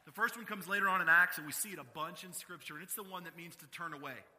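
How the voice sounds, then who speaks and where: A man preaching a sermon to a congregation in an emphatic way, rising to loud stressed phrases and dropping low and quiet. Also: fast. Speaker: pastor. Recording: long hall reverb.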